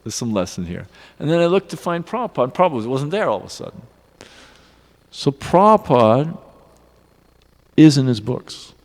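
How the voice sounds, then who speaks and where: A man giving a devotional class in a temple hall, telling personal stories in an earnest, animated way. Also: on the high side, moderate pace, long pauses. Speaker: class speaker. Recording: long reverb of a hall.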